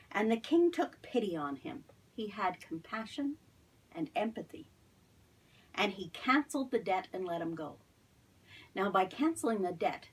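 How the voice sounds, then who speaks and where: Sunday school teacher woman, slightly husky. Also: medium pitch, distant mic, poor audio. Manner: animated, asks children questions, drops to soft whispers. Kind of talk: storytelling lesson for children.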